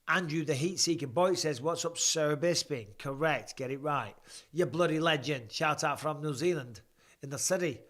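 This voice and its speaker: A man's voice: fairly high pitch, moderate pace, fairly bright tone. A man, chatting bluntly and swearing as he reads viewer questions on a live stream. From England. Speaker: livestream host watching fights.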